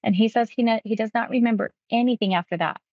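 A woman's voice: on the high side, fast talker. Hypnotist lady chatting about a session, does the voices, dull sound, no room echo. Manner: animated retelling, acting out quoted speech. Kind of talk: casual storytelling about a client session.

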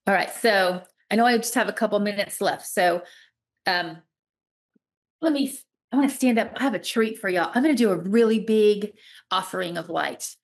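A woman hosting a psychic show, leading listeners through a guided light healing with quick, energetic, laughing talk. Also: mid-range voice. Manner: energetic, laughs often, talks fast and excited. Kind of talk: live guided healing session.

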